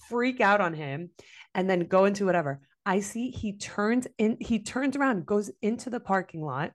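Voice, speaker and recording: A woman co-hosting a podcast, telling a story in casual chat with lively, profane delivery and acted-out quotes. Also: mid-range voice, normal speed. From Latin American family. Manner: animated, swearing, acts out quoted voices. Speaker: podcast co-host.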